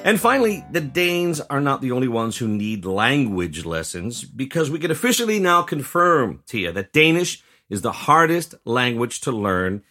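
A man's voice: mid-range voice, big pitch swings, moderate pace, few pauses, bright, forceful tone, faint music behind. A middle-aged man from Tennessee, co-hosting a news podcast with joking asides. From Tennessee, USA. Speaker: podcast co-host.

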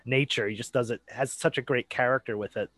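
A man's voice: medium pitch, steady tone, a little fast, a bit bright, no room sound. Enthusiastic podcast co-host, man. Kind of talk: casual chat.

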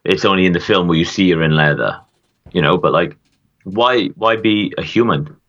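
A man with a very low, deep voice trades casual podcast banter, blunt and dry in his teasing. The recording sounds dull and lo-fi. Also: normal speed, fairly bright tone. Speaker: podcast co-host. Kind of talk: casual chat.

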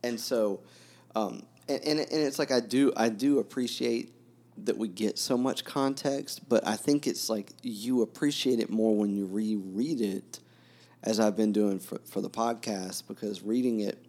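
A man's voice: fairly low pitch, measured pace, darkish tone. A man co-hosting a podcast, talking casually about a novel with many restarts and fillers. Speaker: podcast co-host. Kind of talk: casual book discussion.

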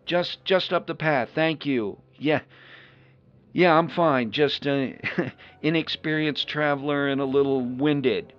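A man doing a nervous stammering traveler, slow and halting, dull lo-fi sound, faint music behind. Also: a little high. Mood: anxious. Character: timid, flustered male show host on a trip. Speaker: show host. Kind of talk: one-sided audio role-play.

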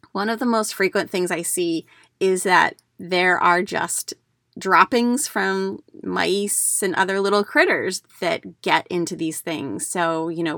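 A woman's voice: on the low side, fairly bright tone, dry recording, studio quality. A middle-aged woman from the United States who hosts a podcast, talking casually as a declutter coach in a chatty storytelling way, with fillers and restarts.

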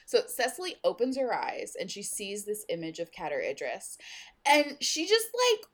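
A woman's voice: mid-range voice, moderate pace. A woman co-hosting a podcast, retelling a book scene in casual chat and using "like" a lot. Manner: animated storyteller, uses "like" a lot. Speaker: podcast co-host.

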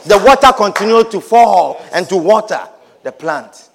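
A man's voice: sits high, lively intonation, normal speed, creaky, slight background noise. A man pastor preaching a sermon in a church, emphatic and repetitive, calling out to his congregation.

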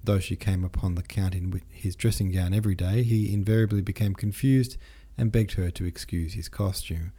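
An audiobook narrator reads a classic novel in a low, husky voice with a dark, mellow tone. His scripted delivery is steady and unhurried, and he corrects the occasional small slip on the spot.

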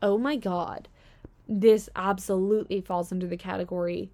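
A woman from the American South with a Southern accent, talking casually in a middle pitch. She reads out customer stories and reacts with sarcasm and free swearing, in a chatty vlogger's way. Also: lively intonation, moderate pace, a little mellow. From Southern Virginia. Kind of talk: casual commentary reading stories.

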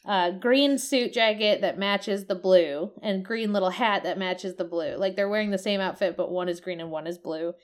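A woman's voice: mid-range voice, normal speed, few pauses. A woman in casual conversation, describing game characters at length, often searching for words and swearing now and then. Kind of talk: casual chat about a video game.

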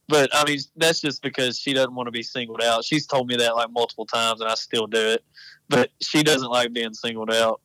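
A man's voice: medium pitch, fairly even intonation, normal speed, fairly bright tone, no echo, poor audio. A man telling hunting stories in casual podcast chat, rambling and correcting himself as he goes. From Texas. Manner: rambling, self-correcting storyteller. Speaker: podcast guest, apparel company founder.

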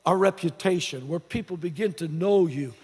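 A man's voice: on the high side, normal speed, a little mellow, slightly rough. A man preaching a sermon as pastor, restarting phrases and repeating words as he goes. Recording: long hall reverb.

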